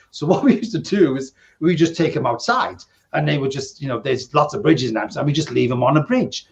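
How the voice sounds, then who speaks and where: A man's voice: mid-range voice, brisk, gravelly, few pauses, dull audio. A man co-hosting a podcast, telling rambling casino anecdotes in casual chat, often checking in with "right?". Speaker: podcast co-host, former casino dealer.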